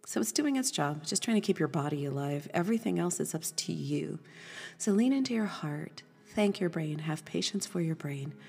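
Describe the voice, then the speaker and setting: A woman hosting a podcast, giving a gentle motivational talk, soft and often dropping to a breathy half-whisper. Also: fairly low pitch, in a large hall. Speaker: podcast host.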